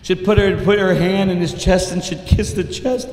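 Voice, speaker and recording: A male priest preaching an impassioned sermon, moving from loud proclamation to hushed prayer, in a large hall. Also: high-pitched, fairly even intonation, moderate pace, hardly any pauses. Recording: echoey hall reverb.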